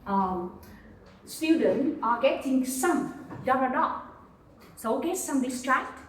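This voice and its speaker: A woman's voice: sits high, lively intonation, slow. A woman teaching English to a class, patiently prompting students and repeating words. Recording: echoey classroom from far off.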